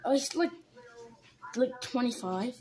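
A woman's voice: on the high side, expressive, measured pace, warm tone. A woman in an improvised comedy skit, sounding defensive and protesting.

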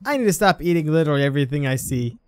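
A man's voice: fairly high pitch, expressive, very fast, a little mellow, a little hiss or hum, pitched below the performer's own voice, natural voice. A man reading the lines of a sarcastic young cat woman who dropped out of college, with a wry, self-mocking delivery. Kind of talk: reading game dialogue aloud.

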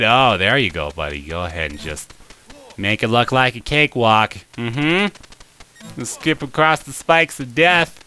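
A young man giving let's play commentary, excitable and talking to the game, with frustrated exclamations and laughs. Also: medium pitch, slight background noise. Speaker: gameplay commentator.

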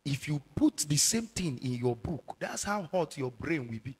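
Husky Nigerian preacher, loud and animated. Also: male voice, normal speed. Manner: swings from low murmurs to shouted warnings. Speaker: evangelist preacher. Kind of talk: sermon. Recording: long hall reverb.

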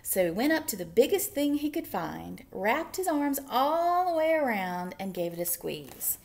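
A woman who is a children's librarian, reading picture books aloud in an animated, sing-song way that often drops into whispers. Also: fairly high pitch, moderate pace, gravelly, hardly any pauses. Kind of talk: storytime read-aloud.

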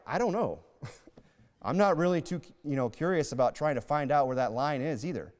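A man's voice: on the high side, animated, normal speed, a little mellow. Emphatic preacher, man, echoing church hall. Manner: emphatic, conversational preaching with rhetorical questions. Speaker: pastor. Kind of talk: sermon. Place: church sanctuary. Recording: long hall reverb.

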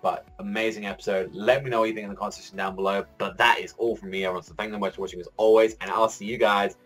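A young man giving a casual, excitable anime episode review, rambling with lots of fillers and swearing. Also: fairly low pitch, racing, faint music behind.

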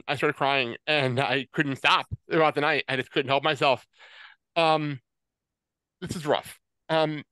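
A man in his forties co-hosting a podcast, halting and choked up, with many pauses and fillers. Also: medium pitch, bright, forceful tone, dry recording. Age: 40s. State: tearful, choked up. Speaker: podcast co-host. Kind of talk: casual podcast chat.

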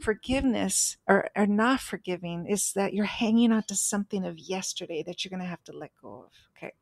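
A podcast co-host tells a personal story in an earnest, emphatic way, acting out the voices of the people in it. Her mid-range voice is expressive, brisk, and creaky, in a dry recording.

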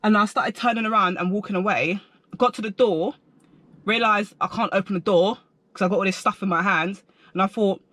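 Animated young man telling a story. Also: high-pitched, brisk, dry recording. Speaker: vlogger. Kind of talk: storytime vlog.

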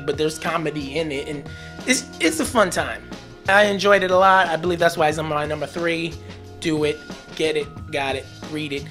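A man reviewing comic books in a casual vlog, excitable and rambling, teasing his viewers with jokey asides. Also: sits high, vocal fry.

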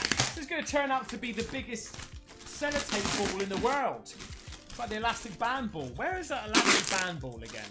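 A man opening fan mail on his channel, chatting in an excitable, exclamatory way and calling everyone mate. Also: high voice, a little fast, loud music behind the voice. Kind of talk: casual unboxing chat.

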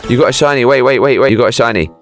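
A young man commentating on a video game, talking fast and excitedly, repeating words over and over. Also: medium pitch. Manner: fast, repetitive, hyped-up chatter. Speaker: gaming YouTuber. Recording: faint music behind.

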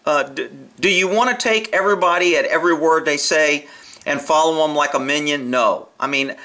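A man's voice: fairly high pitch, normal speed, sharp tone. A man giving blunt, profane, opinionated commentary over a horse training video.

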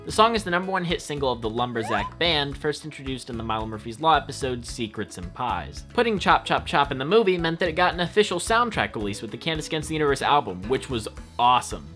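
Upbeat fan-video narrator with a swinging, animated voice, enthusiastic throughout. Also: medium pitch, quick pace, hardly any pauses, faint music behind.

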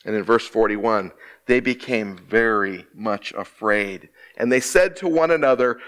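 A man preaching a sermon as associate minister in a church, slow and emphatic, with dramatic pauses and quiet hushed drops. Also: fairly low pitch. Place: church sanctuary.

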